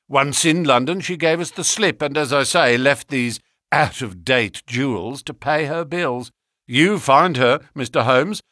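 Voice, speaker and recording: A man reading an audiobook, voicing an unctuous, smooth-talking middle-aged male villain. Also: mid-range voice, sharp tone, no room sound, studio quality, voice pushed up.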